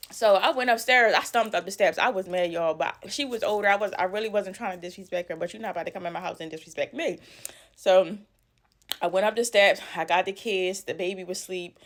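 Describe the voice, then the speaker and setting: A woman telling a personal story in a vlog, animated and emphatic, repeating lines for effect. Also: mid-range voice, fairly quick. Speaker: storytime vlogger.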